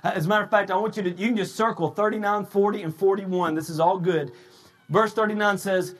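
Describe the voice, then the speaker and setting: A man preaching a sermon, shouting his emphatic points and then slipping into a loose, conversational retelling full of restarts. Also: high voice, fairly even intonation, quick pace. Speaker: pastor.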